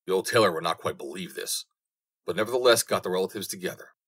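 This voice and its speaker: A man narrating a fairy tale audiobook with measured storytelling. His voice sits very low in pitch. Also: a bit bright, slightly rough.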